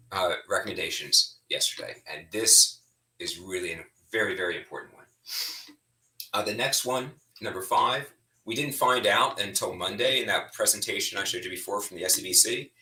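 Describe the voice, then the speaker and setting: A man's voice: fairly low pitch, recorded from a distance. Fired-up man in an echoey room. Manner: animated, heated, speaks bluntly. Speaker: state representative giving an update. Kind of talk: informal spoken update.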